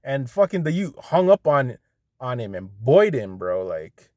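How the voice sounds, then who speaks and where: A man on a profane, heated rant, blunt and loose in his delivery. His voice sits at a middle pitch and sounds dry and close, with no room echo. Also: very animated, measured pace, darkish tone. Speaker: vlogger. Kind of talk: casual rant.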